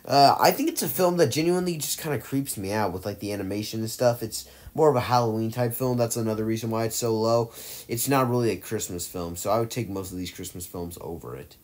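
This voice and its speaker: A man giving casual commentary as he ranks films for a tier list, hesitant and rambling, with frequent fillers and corrections of himself in mid-sentence. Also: medium pitch. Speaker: movie tier list vlogger.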